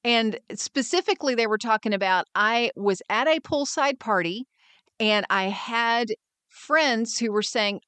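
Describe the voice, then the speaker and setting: A woman hosting a wellness podcast, talking in a lively way and acting out quoted friends in raised voices. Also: fairly high pitch, measured pace, clear, resonant tone, no room sound. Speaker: podcast host and wellness mentor. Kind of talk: scripted podcast monologue.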